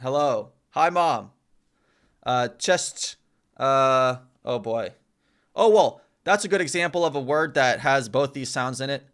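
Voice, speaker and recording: Speaking at a measured pace in a mid-range, slightly bright voice, a man practises a language on a live stream. He reads out messages from chat, makes self-mocking, chatty remarks, and drills the same sounds over and over.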